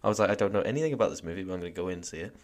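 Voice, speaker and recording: A man's voice: low-pitched, lively intonation, very fast. A young man co-hosting a podcast, talking in a laid-back casual way, swearing and gushing. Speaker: podcast co-host. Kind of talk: casual chat.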